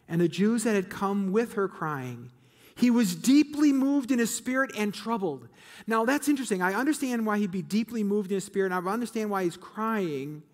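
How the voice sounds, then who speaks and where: A man pastor preaching a sermon in a church auditorium, reading scripture aloud with rising, emphatic peaks. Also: high-pitched. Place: church auditorium with balcony and online audience.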